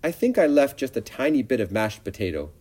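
A man's voice: medium pitch, sing-song, a little fast, mellow, voice pushed up. A man reading a storybook aloud, voicing a young male pig who is anxious and eager, with pleading, rising questions.

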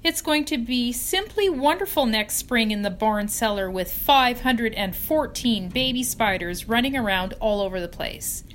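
An innocent, eager young pig, voiced by a woman reading a storybook aloud. His voice sits high and bounces with wonder. Every question comes out bright and hopeful. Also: wildly swooping pitch, normal speed, a little hiss or hum.

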